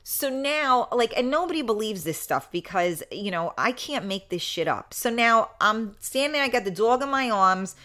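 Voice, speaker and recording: A woman's voice: fairly high pitch, animated, moderate pace, few pauses, fairly bright tone. A woman hosting a live solo talk show, telling a story in a chatty, blunt way, swearing freely and laughing often.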